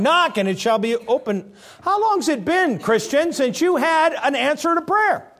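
A middle-aged male pastor preaching a sermon, rising and dropping his voice for emphasis. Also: high voice. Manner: animated preaching, rises and drops for emphasis.

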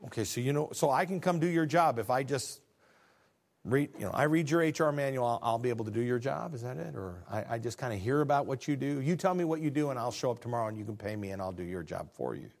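A man's voice: medium pitch, expressive, quick pace, a little mellow. A pastor in his fifties preaching a sermon, posing rhetorical questions and acting out short exchanges. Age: 50s.

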